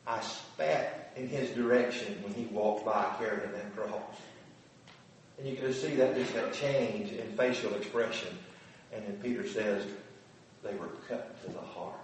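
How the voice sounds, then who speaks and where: A man's voice: on the low side, steady tone, measured pace. A man teaching scripture in an earnest, conversational way, often turning to his listeners with rhetorical questions. He sounds set back from the mic in a very echoey hall. A faint hum of background noise sits under him. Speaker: Bible teacher. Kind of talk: conversational Bible lesson. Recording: very echoey room from a distant mic.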